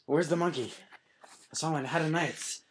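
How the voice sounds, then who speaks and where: A man's voice: a little high, normal speed, slight background noise. A man acting the lead in an improvised found-footage horror film, swinging between screams and whispers.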